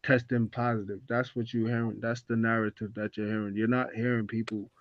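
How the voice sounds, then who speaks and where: A man telling a story in a casual group discussion, halting and restarting often. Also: lowish voice, flat delivery, slight background noise. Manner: halting, restarts often, "you see what I'm saying". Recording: dull lo-fi sound.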